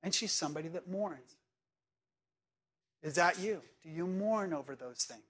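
A man delivering a sermon with a slightly higher than usual voice. He talks to his congregation conversationally, pressing them with direct questions. His delivery swings between emphatic and hushed. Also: lively intonation, moderate pace. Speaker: pastor.

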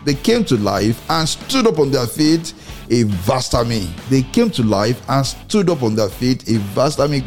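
A man preaching a sermon, repeating phrases for emphasis, with swings in pitch and pace. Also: very animated, measured pace, faint music behind.

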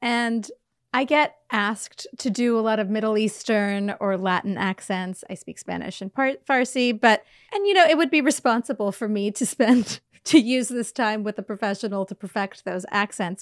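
A woman's voice: mid-range voice, normal speed, no echo, clean studio sound. A woman co-hosting a podcast, playful and teasing in casual chat. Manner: playful, teasing, laughs often. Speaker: podcast co-host.

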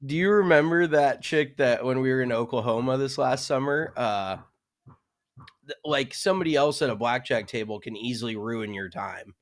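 A young man co-hosting a podcast in relaxed, chatty conversation. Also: mid-range voice, moderate pace. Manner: relaxed and chatty, frequent fillers. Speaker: podcast co-host. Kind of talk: casual chat.

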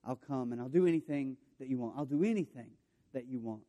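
A man's voice: mid-range voice, fast talker, dark tone. A man preaching a sermon, retelling a story with playful voices for the characters and jokey asides. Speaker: pastor.

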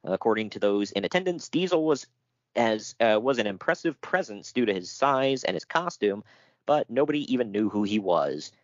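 A man's voice: fairly low pitch, animated, moderate pace, no room sound, dull audio. A man co-hosting a casual chat, reading out notes with jokes and frequent laughter. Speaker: podcast co-host.

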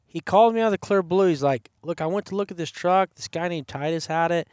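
Man, podcast host, casual storytelling, animated, quotes people in their voices, slightly high voice, dry sound. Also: fast, no echo. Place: campside.

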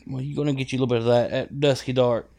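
A man, a podcast guest telling a hunting story in a lively, profane way and acting out the scenes. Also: mid-range voice, rapid-fire, gravelly. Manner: animated, profane, acts out scenes. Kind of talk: casual storytelling chat.

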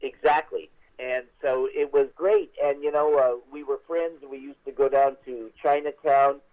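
An older man, a veteran actor, telling stories as an interview guest in a chatty, animated way with many restarts. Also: mid-range voice, moderate pace, muffled recording. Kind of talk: interview storytelling.

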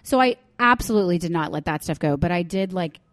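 A woman's voice: on the low side, lively intonation, fast talker, no room sound. Chatty self-mocking woman co-host. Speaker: podcast co-host. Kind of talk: casual chat.

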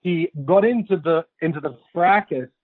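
A fairly high-pitched man talks at a normal speed in a casual podcast chat, teasing himself in a playful, rambling way. He has a West London received pronunciation accent from England, and the dry recording sounds tinny, like a phone line.

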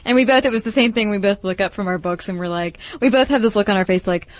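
A woman's voice: medium pitch, dry recording. A woman co-hosting a podcast, joking around in a casual, playful chat. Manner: playful, quick to laugh. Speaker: podcast co-host.

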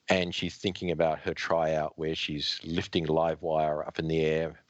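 A man co-hosting a podcast, reading and summarizing a comic book aloud in a plain, steady way. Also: rumbling low, normal speed, no room sound, muffled recording. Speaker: podcast co-host.

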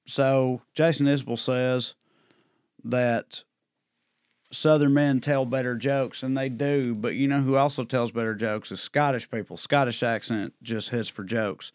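Male co-host, loose joking drawl, mid pitch, dry mic. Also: fairly even intonation, unhurried, clean tone, no room sound. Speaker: podcast co-host. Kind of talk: casual comedic chat.

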